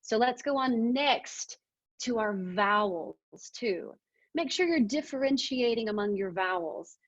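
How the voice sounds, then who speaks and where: A woman from Arkansas, leading a webinar on presentation skills in an energetic, emphatic way. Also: fairly high pitch, unhurried, no echo, highs cut off. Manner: energetic, emphatic, demonstrates vocal techniques. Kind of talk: webinar training talk.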